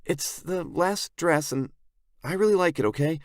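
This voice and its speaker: A man voicing a timid teenage girl who is eager to please, in a high, soft, pleading voice for an audiobook. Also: normal speed, no room sound, clean studio sound, natural voice. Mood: hopeful. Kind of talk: audiobook character voice.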